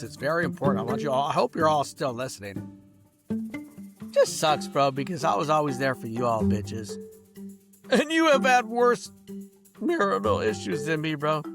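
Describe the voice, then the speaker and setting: A middle-aged man in an angry, rambling vlog rant, swearing and ending sentences with "bro" and "dog". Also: fairly high pitch. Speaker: vlogger.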